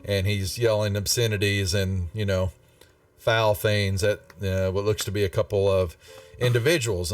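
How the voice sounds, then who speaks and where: A man's voice: medium pitch, far from the mic. A man running a live tabletop game as game master, rambling with restarts and chuckles.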